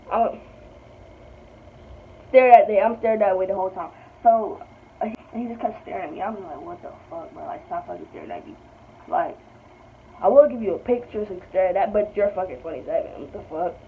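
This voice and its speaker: A young woman, telling a story in a chatty, blunt way with lots of swearing. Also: on the high side. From North Carolina. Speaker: vlogger. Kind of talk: casual storytime. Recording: tinny phone-like audio with faint hiss.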